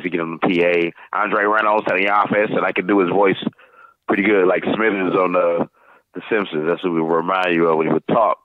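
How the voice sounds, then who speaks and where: Voice actor guest, man in his fifties from Saint Louis, very low voice, animated storyteller, tinny phone line. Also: no room sound. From Saint Louis, USA. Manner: animated, tosses in quick voice impressions. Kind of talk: casual storytelling interview. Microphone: phone call.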